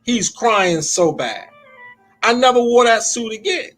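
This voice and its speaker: A man, pastor and host of a call-in show, telling a story in a conversational sermon style and slowing down to stress his points. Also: very high voice, animated, fairly bright tone, soft background music.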